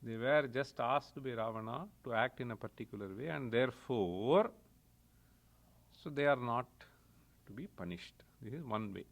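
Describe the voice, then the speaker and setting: Man, middle-aged, professor lecturing; calm storyteller who explains his terms. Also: mid-range voice, gravelly. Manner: unhurried, retells stories with chuckles, explains Sanskrit terms.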